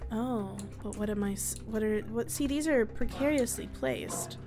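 A young woman with a slightly high voice streams a let's play at a moderate pace, her commentary casual, chatty and emotional. She swears a lot and now and then drops to a whisper, with game music playing behind her.

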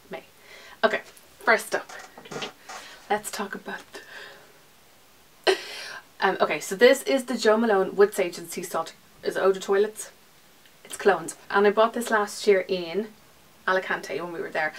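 A woman's voice: medium pitch, moderate pace. Chatty young Irish woman vlogging. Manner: chatty and rambling, drops into breathy whispers for asides. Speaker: beauty vlogger. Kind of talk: casual monthly favourites chat. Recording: slightly distant mic with faint hiss.

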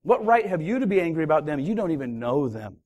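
A man, a pastor, preaching a sermon with dramatic storytelling that swings from loud to hushed. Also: a little high, sing-song, fast talker.

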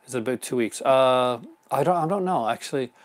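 A man's voice: medium pitch, lively intonation, brisk. A man hosting a live unboxing stream in casual chat, rambling and chuckling often. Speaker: host.

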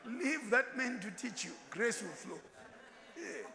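A man preaches with a high, lively voice that swings widely in pitch. His tone is bright and forceful. The long echo of a large church hall trails behind his words. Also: slow pace, creaky. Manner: animated, switching into Ndebele asides and acted quotes. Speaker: pastor. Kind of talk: sermon.

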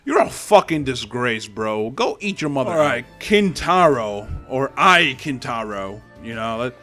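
A young man with a Spanish accent talks over his own online fighting game matches, cursing and trash-talking his opponents as he goes. His voice sits at an ordinary middle pitch, and faint game music plays quietly under it. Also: expressive, a little slow. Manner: profane, trash-talking, rambling. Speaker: gaming channel host. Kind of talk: live gameplay commentary.

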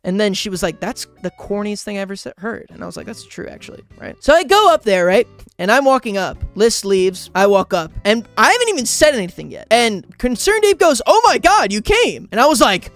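A young man, a YouTuber, excitedly telling a rambling story in a casual vlog, full of "like" and "bro". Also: high voice, brisk, soft background music. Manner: animated, rambling, frequent "like" and "bro".

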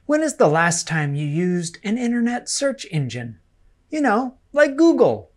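A man with an American accent teaching English pronunciation, repeating example phrases slowly and stressing key words. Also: high voice, sing-song. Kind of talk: slow, carefully enunciated pronunciation lesson.

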